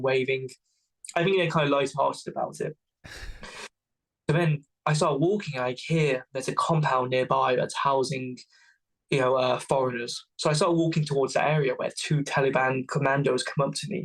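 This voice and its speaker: A young man from Wales tells his travel anecdotes in a relaxed, chatty way, poking fun at himself. His voice sits at a middling pitch with a gravelly, fry-tinged edge. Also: poor audio. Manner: lively, self-mocking anecdote telling. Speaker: guest adventurer. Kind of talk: casual storytelling.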